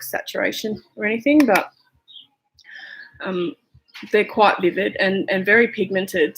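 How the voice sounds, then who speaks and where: A woman's voice: mid-range voice, poor audio. A young Australian woman with an Australian accent, chatting casually and rambling through a makeup livestream from home, answering viewers as she goes. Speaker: vlogger and hairdresser. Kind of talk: casual livestream chat while doing makeup. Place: home room.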